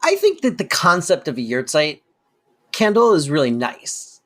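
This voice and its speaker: A man co-hosting a podcast, chatting casually with a very lively, swooping intonation. He talks in a loose, hesitant way, full of ums and restarts. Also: a little high, normal speed. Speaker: podcast co-host. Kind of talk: casual chat.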